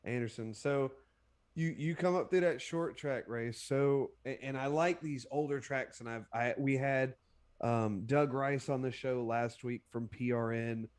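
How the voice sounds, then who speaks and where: Halting podcast co-host man. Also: medium pitch. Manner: halting, searching for words. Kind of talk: casual podcast chat.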